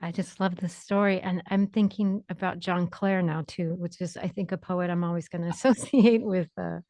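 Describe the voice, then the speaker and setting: Radio host lady, low gravelly voice, really into the story, dead dry studio. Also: fairly even intonation, normal speed, mellow, no echo. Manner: enthusiastic, laughs along. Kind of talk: radio interview.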